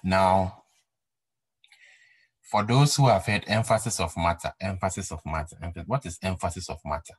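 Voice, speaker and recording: A man's voice: low voice, moderate pace, breathy edge, no room sound, poor audio. A man giving a recorded accounting lecture, repeating key points and asking rhetorical questions to stress them. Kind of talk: recorded exam-prep lecture.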